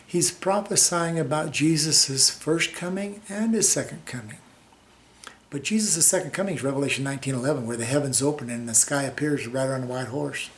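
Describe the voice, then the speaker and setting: A man's voice: medium pitch, brisk, fairly bright tone, a little hiss or hum. Urgent man warning about prophecy. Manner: urgent, repetitive, folksy, restarts often. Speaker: online preacher. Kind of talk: informal prophecy talk.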